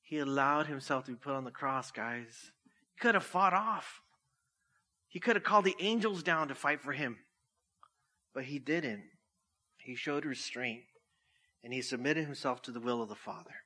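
A man's voice: mid-range voice, moderate pace, long pauses, bright, forceful tone. A middle-aged man preaching a sermon, casual and jokey, laughing at himself, then reading scripture and praying. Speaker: pastor.

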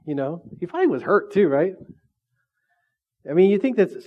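A man preaching a sermon as pastor, casual and energetic, full of questions to the congregation. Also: sits high, normal speed, narrow, tinny audio.

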